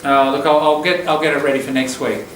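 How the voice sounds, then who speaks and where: A man's voice: a little high, little pitch movement, fast, a bit bright, a little hiss or hum. Man teaching English in an echoey room. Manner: explanatory, repeats phrases to model pronunciation. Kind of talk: relaxed classroom teaching. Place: classroom. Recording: echoey classroom recorded from a distance.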